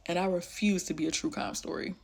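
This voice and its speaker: Gravelly husky young woman storyteller. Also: fairly low pitch, fairly even intonation, fast talker. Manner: casual, fillers like "like", drops to hushed tones. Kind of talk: personal storytelling.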